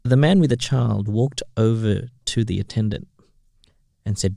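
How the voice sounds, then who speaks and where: A man with a low, gravelly voice tells everyday anecdotes on a podcast. He hesitates often and uses many fillers. The recording is dry and close. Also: unhurried, dark tone, no echo. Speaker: podcast co-host. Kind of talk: casual discussion.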